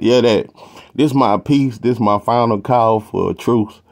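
A man's voice: mid-range voice, expressive, slow. A man with a Texan accent hosting a boxing talk show, rambling and emphatic, with plenty of slang and profanity. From Texas. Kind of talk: casual opinionated boxing commentary.

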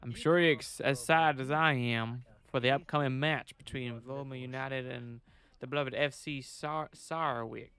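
A police commander briefs a riot squad in a formal, address-the-room manner, voiced by a man. The voice is smooth and resonant. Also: medium pitch, steady tone, unhurried, few pauses, fairly bright tone. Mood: stern.

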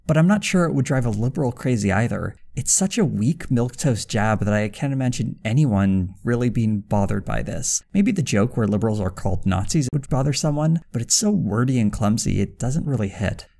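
A man's voice: mid-range voice, lively intonation, fairly quick, creaky, few pauses, mellow. A man narrating a scripted commentary video in a dry, critical manner. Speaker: video essayist.

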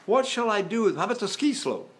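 An older man in his seventies teaching vocal technique. His speaking voice sits fairly high for a man. He explains through questions and hands-on examples in a demonstrative way. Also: big pitch swings, fast talker.

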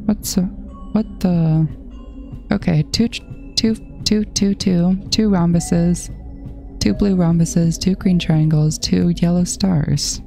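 Woman host for a horror game playthrough: mellow, unhurried, nervously mutters to herself. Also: on the low side, fairly even intonation, creaky, faint music behind. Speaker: gaming channel host.

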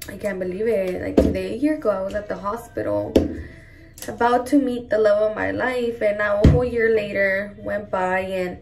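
A young mother talks to her camera in a casual vlog, gushing and emotional as she goes. Her voice carries a gravelly fry. She sits a little back from the microphone. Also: medium pitch, far from the mic, slight background noise. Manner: emotional, gushing, says "y'all" and "like" often. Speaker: mom vlogger.

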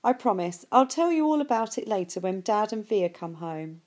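Earnest ten-year-old boy, read by a woman in a warm, mellow voice, lightly raised and quick. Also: mid-range voice, big pitch swings, lightly acted.

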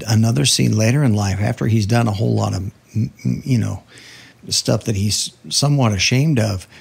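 A man hosting a music podcast, talking casually about composing his own songs, halting with many fillers and restarts. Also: lowish voice, creaky, darkish tone, husky.

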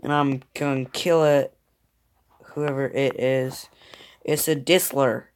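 A tired man plays a mobile fighting game and mutters commentary into his phone's microphone. He grumbles at his opponents in a slow, drawn-out way, at an ordinary middle pitch. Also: fairly even intonation. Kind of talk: gameplay commentary.

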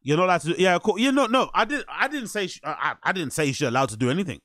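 A man reacts live to a clip, incredulous and animated, cursing freely. His voice sits a little high. The sound is dry and close, with no room around it. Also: fast, no room sound. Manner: incredulous, animated, swears often. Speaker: streamer reacting to a podcast clip.

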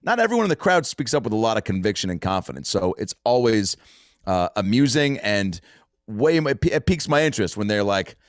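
A male comedian hosting a podcast, telling his stories in a lively voice that swings widely in pitch. He talks loosely and swears freely. The sound is dry and close to the mic. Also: a little fast, no echo. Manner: animated storyteller, swears freely. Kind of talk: casual podcast chat.

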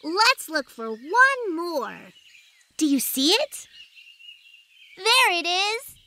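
A woman's voice: very high voice, sing-song, drawn-out words, background noise, full character voice. A woman voicing a cheerful young fox in a preschool cartoon.

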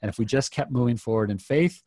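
A man's voice: mid-range voice, fast talker, dark tone, slightly rough, no echo. A middle-aged man, a podcast guest, telling a personal story in an earnest, reflective way with many restarts.

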